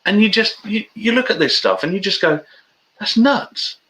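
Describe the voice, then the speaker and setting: A man's voice: high voice, lively intonation, fairly quick, sharp tone, rough recording. A man, a guest telling stories in casual, matey banter on a video-call interview. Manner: chatty storyteller, matey banter.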